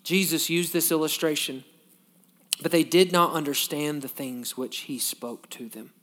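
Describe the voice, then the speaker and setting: A male pastor preaching a sermon, reading scripture aloud and explaining it to his congregation, and dropping to a soft, low voice when he prays. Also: unhurried. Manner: drops to a soft, low voice in prayer.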